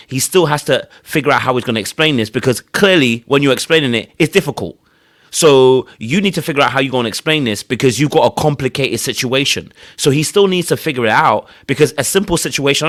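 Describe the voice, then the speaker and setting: A man's voice: medium pitch, fairly bright tone, dry recording, clean studio sound. Rambling man on a podcast panel. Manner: rambling, restarts, acts out hypothetical quotes. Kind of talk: casual reality-show discussion. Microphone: podcast mic.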